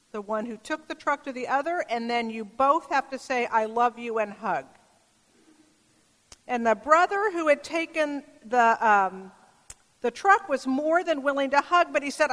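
High-voiced woman preaching in a reverberant church. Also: a bit bright. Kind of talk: sermon. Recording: long reverb of a church hall.

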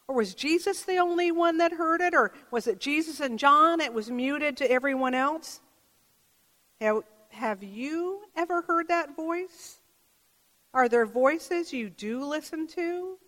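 A woman's voice: high-pitched, a bit bright. Woman pastor preaching in reverberant church. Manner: measured, reflective preaching with rhetorical questions. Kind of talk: sermon. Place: church sanctuary.

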